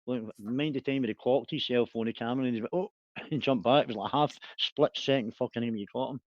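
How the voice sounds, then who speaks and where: A man's voice: mid-range voice, fairly even intonation, quick pace, darkish tone, dry recording, dull audio. A man, hosting a casual livestream chat, rambling, laughing and swearing a lot. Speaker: livestream host.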